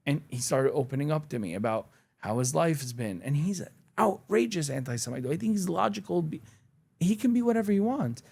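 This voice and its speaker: A man from Syria speaks as an interview guest, sounding a little higher than most men, with a gravelly edge. He talks bluntly and swears freely as he tells his stories in a loose, conversational style. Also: darkish tone. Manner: blunt, profane storytelling. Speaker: podcast guest, attorney.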